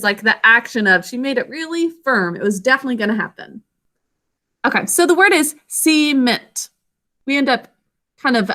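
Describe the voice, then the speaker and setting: Woman, young adult, teacher, video call, bright tone, slightly high, encouraging, clear. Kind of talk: online spelling lesson.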